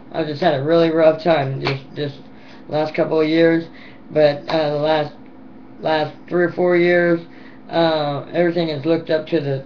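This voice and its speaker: A hoarse woman recording a rambling, affectionate and teasing home video message to her children. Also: low-pitched, dull audio, slight background noise. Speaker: mother addressing her children.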